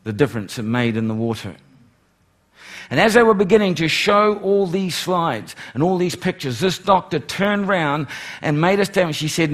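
A middle-aged man preaching a sermon, animated, swinging from loud exclamations to hushed, pleading lines. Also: high voice, moderate pace. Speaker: pastor.

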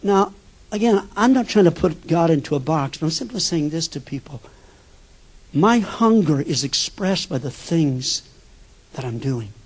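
An older man preaching a sermon as a pastor, telling stories with sudden shifts between loud bursts and hushed asides. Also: fairly high pitch, animated, unhurried, slightly rough.

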